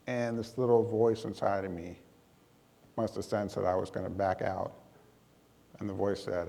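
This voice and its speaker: A man giving a talk, telling a personal story to an audience in a lively, self-deprecating way with comic timing. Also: on the low side, normal speed, creaky, pauses often, long reverb tail, slight background noise. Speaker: emergency manager giving a talk.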